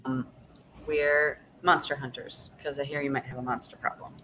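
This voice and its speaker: A woman's voice: a bass voice, level tone, pushed and bright, a little hiss or hum. A woman playing a tabletop game in a playful, casual way. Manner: playful, quick to laugh. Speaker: player.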